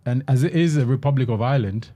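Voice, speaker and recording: A man talking casually in a group discussion, animated, often repeating and restarting words. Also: medium pitch, quick pace. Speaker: host. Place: London.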